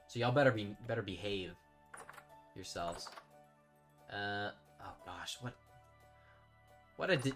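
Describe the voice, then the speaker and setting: A man's voice: lowish voice, a bit bright. A man chatting casually while live-streaming a game, rambling and reading out his chat. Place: home streaming setup.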